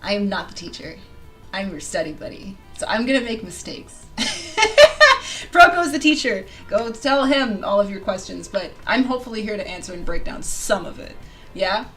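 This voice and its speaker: A woman hosting a casual live stream, excitable and bubbly, laughing often and bursting into squeals, on a desk mic with soft music behind her. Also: medium pitch, normal speed. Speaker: livestream host. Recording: quiet music under the voice. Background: soft background music.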